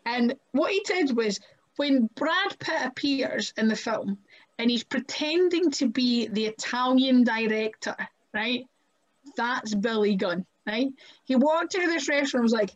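A young woman chats on a podcast with a slightly high voice. She tells her wrestling stories loosely, leaning on "like" and laughing as she goes. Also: lively intonation, measured pace, highs cut off. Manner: chatty, many "like" fillers, laughs often. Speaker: guest professional wrestler. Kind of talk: casual podcast storytelling.

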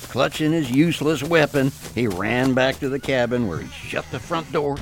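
A man narrating a spooky folk tale in a folksy, slow storytelling manner. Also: mid-range voice, expressive.

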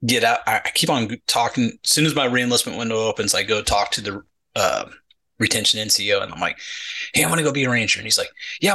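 A middle-aged man with a bright, forward voice tells his army story in a relaxed interview. He slips into the voices of the people in the story and keeps the telling lively. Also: fairly low pitch, rough recording. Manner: animated storyteller acting out quoted dialogue, many repeated "he's like". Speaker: podcast guest, retired Army sergeant.

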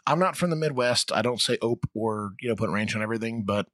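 Joking man with a low voice. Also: fairly bright tone, dry recording, studio quality. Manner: joking, teasing, quick to laugh. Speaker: podcast co-host. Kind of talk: casual podcast banter.

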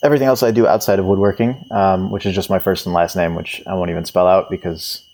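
A man with a very low voice, a guest on a podcast, speaking in a relaxed, easygoing way. He leans on fillers like "like" and "um" as he talks. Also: fast. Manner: relaxed, filler-heavy, says "like" and "um" often. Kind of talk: casual interview chat.

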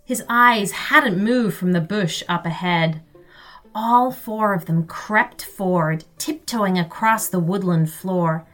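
Lively woman reading a children's story. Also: mid-range voice. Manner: expressive and lively. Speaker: narrator.

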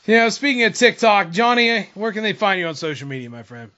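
Excitable high-voiced man, lo-fi. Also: fast talker. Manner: excitable, swings from mumbling to loud outbursts. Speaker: podcast host. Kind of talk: casual podcast chat. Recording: dull lo-fi podcast audio.

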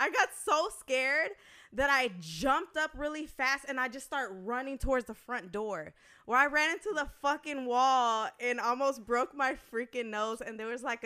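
A woman's voice: high voice, moderate pace, sharp tone, clear, resonant tone. A young woman co-hosting a casual chat show, telling a story animatedly and swearing freely. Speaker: podcast co-host.

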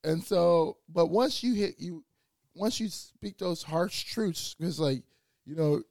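A man co-hosting a podcast, telling animated, profane stories in casual chat. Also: fairly high pitch, slow, no echo, studio quality. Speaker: podcast co-host.

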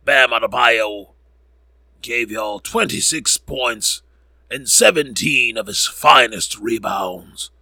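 A podcast host with a mid-range, creaky voice that sounds pushed and bright speaks slowly in a dry recording with no room sound. He rambles through a casual recap of sports scores, cracking jokes and correcting himself often.

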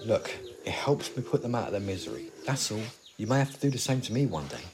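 A man's voice: on the low side, big pitch swings, fast, background noise. A man in his forties acting a weary, sardonic survivor of a zombie apocalypse in an audio drama, talking in dry, rambling asides. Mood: wry. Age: 40s.

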